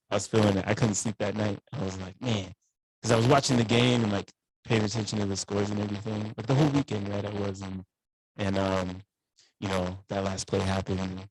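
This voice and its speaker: A man's voice: fairly low pitch, little pitch movement, fairly quick, darkish tone, breathy edge, no echo, poor audio. A male teacher joining a podcast by video call from a school studio, laid-back and chatty. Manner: laid-back, says "man" often. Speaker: guest, teacher. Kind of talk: casual podcast chat over video call.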